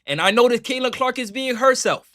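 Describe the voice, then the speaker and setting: A man hosting a reaction video, ranting in an animated way and often asking "right?" to his viewers. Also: very high voice, brisk. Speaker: reaction channel host. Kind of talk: heated reaction rant.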